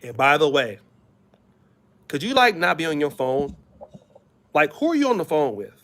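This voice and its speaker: A man's voice: a little high, very animated, normal speed, a bit bright. A man mimicking a demanding young woman nagging her boyfriend, sweet and rude at the same time. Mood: suspicious.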